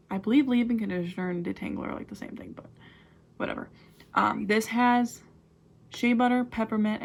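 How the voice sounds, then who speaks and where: A young woman chats her way through a hair-care vlog, sprinkling "like" and "um" into nearly every sentence. Her mid-pitched voice carries a gravelly fry. Faint background noise sits behind her. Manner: chatty, full of "like" and "um" fillers. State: out of breath. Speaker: beauty vlogger. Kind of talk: casual product review.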